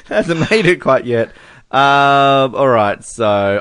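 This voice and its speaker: A man's voice: medium pitch, lively intonation, extremely slow, long pauses, fairly bright tone, clear, resonant tone, no echo, clean studio sound. A man co-hosting a casual podcast, joking and laughing often as he reads out fan messages. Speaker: podcast co-host. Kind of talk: casual chat.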